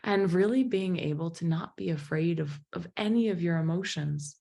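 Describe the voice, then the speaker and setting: A woman giving a motivational talk to a group at an evening presentation, telling a personal story in an emotive, animated way. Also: lowish voice, moderate pace, vocal fry. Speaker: motivational speaker and business founder.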